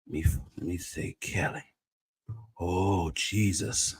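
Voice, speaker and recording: A man hosting a late-night livestream of gossip commentary, chatty and teasing, talking straight to his viewers with drawn-out exclamations. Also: deep voice, steady tone, slightly rough. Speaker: show host.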